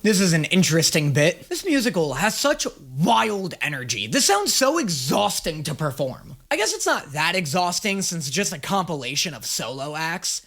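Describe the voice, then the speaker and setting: Excitable, crude man reacting. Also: on the high side, moderate pace, few pauses. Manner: excitable, crude, self-mocking. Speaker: reaction video host. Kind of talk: casual reaction commentary.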